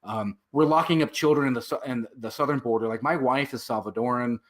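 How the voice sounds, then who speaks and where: A man's voice: mid-range voice, fairly quick. A man, a veteran and activist, telling his story as a guest in a casual interview, rambling with many fillers and swear words.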